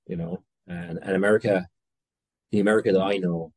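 This Irish man has a deep, darkish, slightly rough voice, a steady tone, and a slightly fast delivery, recorded with no echo. He's a guest entrepreneur in a conversational interview, speaking frankly with casual swearing while rambling and breaking off mid-thought.

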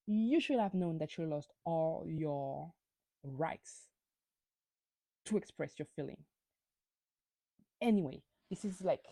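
A woman's voice: lowish voice, dark tone, no room sound. A woman hosting a podcast, giving a ranting gossip recap of reality TV, swearing freely and stumbling over words when worked up. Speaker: podcast host.

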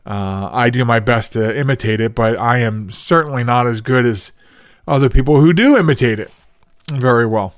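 A man from the Philadelphia area hosts his podcast solo, drifting from one thought to the next and chuckling at his own slips. His voice sits at a middle pitch and comes through a dry, close microphone with no room sound around it. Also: moderate pace, smooth, dry recording. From Philadelphia region. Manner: rambling, self-correcting, laughs at himself. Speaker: podcast host. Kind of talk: casual solo podcast chat.

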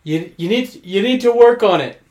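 A man playing a silly male giant in a comedy sketch, delivering slow, goofy rhymes. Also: sits high, animated, darkish tone.

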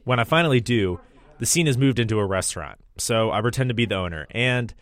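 A man's voice: mid-range voice, expressive, quick pace. A man hosting a radio segment, narrating in a scripted, wry, self-deprecating way.

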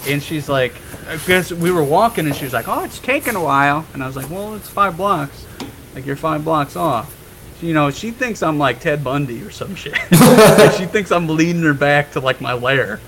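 A young man on a podcast telling a story in a casual, animated way, swearing freely and laughing as he goes. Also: fairly high pitch, moderate pace, noisy background. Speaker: podcast guest.

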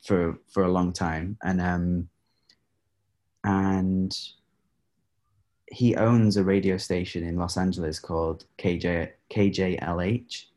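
A guest singer with a low voice tells stories in a casual interview, animated and laughing often, with plenty of fillers. He takes his time, speaking slowly and pausing often.

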